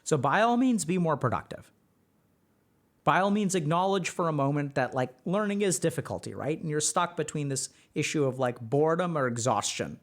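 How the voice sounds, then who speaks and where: A man hosting a livestream as a mental health coach, talking through advice in an animated way full of rhetorical questions and a frequent "right?". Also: fairly high pitch, normal speed.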